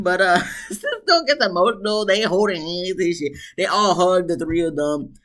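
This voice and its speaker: A woman casually recapping a TV episode, chatty and animated, with sarcastic asides. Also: measured pace, few pauses. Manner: chatty, animated, mock-quotes people with big pitch swings. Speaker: TV show reviewer.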